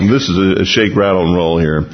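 A man's voice: low voice, moderate pace, muffled recording. A man preaching an expository sermon in a conversational way, with restarts and small chuckles. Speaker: pastor.

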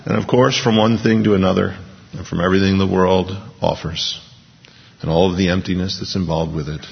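A man preaches in a low, gravelly voice, his earnest sermon moving between hushed passages and emphatic ones. The recording is dull and lo-fi, and the words ring out with a long reverb. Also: steady tone, a little fast. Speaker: pastor.

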